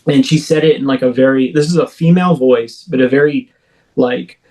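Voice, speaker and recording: A man's voice: medium pitch, fairly even intonation, moderate pace, darkish tone, rough recording. A man who is a podcast guest, telling a personal encounter story in a casual, rambling way, full of "like" and "you know" and restarting sentences midway. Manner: self-correcting, restarts mid-sentence.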